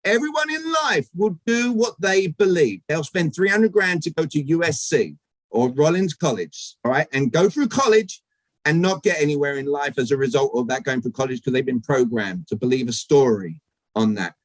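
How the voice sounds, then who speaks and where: A man giving an energetic live talk on sales communication to a networking audience, asking them questions directly. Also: fairly high pitch, moderate pace, no echo, rough recording. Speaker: speaker at a networking event. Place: event room with audience.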